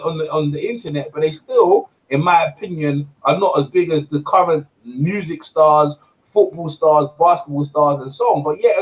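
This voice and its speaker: A man's voice: on the high side, rough recording. A man hosting a casual boxing debate, ranting with lots of repeats and asides. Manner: animated, repetitive ranting. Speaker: host.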